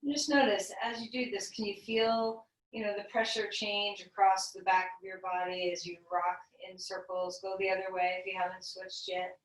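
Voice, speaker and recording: A woman leading a guided yoga class, giving calm, gentle, encouraging cues. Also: medium pitch, normal speed, few pauses. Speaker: yoga teacher. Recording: echoey room, voice from a distance.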